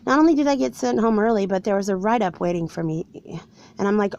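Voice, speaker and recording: A woman's voice: medium pitch, a little fast, a little mellow, muffled recording. Earnest forty-year-old woman telling a story. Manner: earnest, aggrieved, talks straight to viewers. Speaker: vlogger telling her own story. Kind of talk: casual personal storytelling to viewers. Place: somewhere cold.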